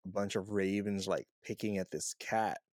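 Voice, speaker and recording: Low-voiced man in casual movie chat. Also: normal speed, no echo, clean studio sound. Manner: animated, mocks scenes with quoted reactions. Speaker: podcast co-host.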